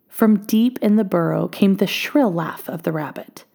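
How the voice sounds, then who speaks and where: A woman reading a children's storybook aloud, expressive and often dropping to a hush. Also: mid-range voice, normal speed, gravelly, hardly any pauses.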